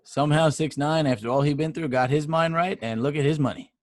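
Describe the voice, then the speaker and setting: A man's voice: on the high side, brisk, darkish tone, no echo. Teasing New man, dry close sound. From New York. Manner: joking, teasing banter. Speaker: podcast co-host. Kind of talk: casual chat.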